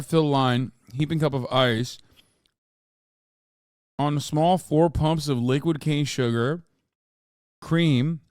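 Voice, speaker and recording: A man's voice: fairly high pitch, clear, resonant tone, no room sound, clean studio sound. A man in his thirties streaming casual, profane reaction commentary, ranting and mocking in an exasperated way.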